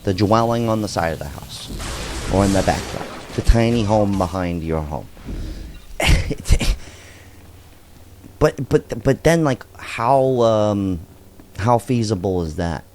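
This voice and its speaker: A middle-aged man with a lowish voice gives loose, animated commentary as a video host. He is blunt and swears now and then, and a faint hiss sits under his talk. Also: slow pace, long pauses. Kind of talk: casual reaction commentary.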